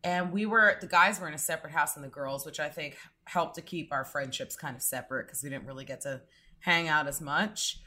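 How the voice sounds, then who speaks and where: Woman cohost, kinda low voice, casual and teasing, drops a swear here and there. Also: a little fast, pushed and bright. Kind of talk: casual chat.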